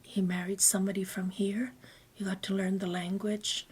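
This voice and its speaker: A woman guest telling a personal story in conversation, rambling and often dropping into breathy half-whispered asides. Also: mid-range voice, level tone, normal speed, darkish tone. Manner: meandering, with many fillers and restarts. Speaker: interview guest.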